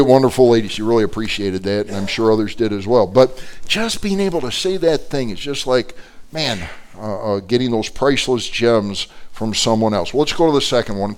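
A man's voice: mid-range voice, a little mellow, clear, resonant tone. A man teaching an adult Bible class as a pastor, telling stories animatedly with many fillers and restarts.

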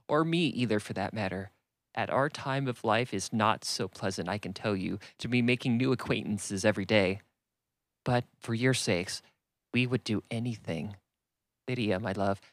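A man voicing a fretful, nervous middle-aged mother who complains in a shrill, fussing way. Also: no room sound, natural voice.

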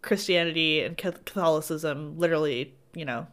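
A woman's voice: deep voice, moderate pace. A woman in casual conversation about a book, acting out quotes mockingly and laughing along. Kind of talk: casual book discussion chat.

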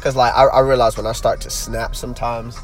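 A man's voice: medium pitch, flat delivery, brisk, soft background music. A young man hosting a casual solo podcast, rambling with slang fillers and repeating himself as he makes his point emphatically. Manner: grows heated and emphatic. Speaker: podcast host.

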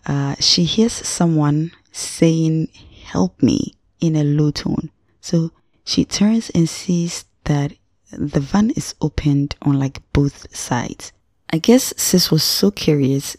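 A woman's voice: sits low, darkish tone, no echo, studio quality. A young woman, hosting a podcast and reviewing a film in a chatty, slangy way that talks straight to the listener. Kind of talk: casual spoken movie review.

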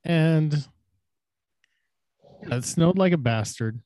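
Young male podcaster, loose and vulgar, dry close mic, acts out yelled lines. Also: fairly high pitch, animated, takes it slowly, dry recording. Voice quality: loose and profane, acts out shouted quotes. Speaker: podcast co-host. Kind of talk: crude casual storytelling.

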